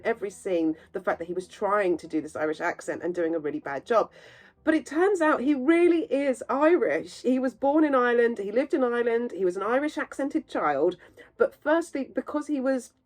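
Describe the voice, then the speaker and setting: A woman's voice: mid-range voice, darkish tone, low-quality recording. A woman hosting a casual film news roundup, chatty and opinionated, with plenty of asides to her viewers. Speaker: movie news host.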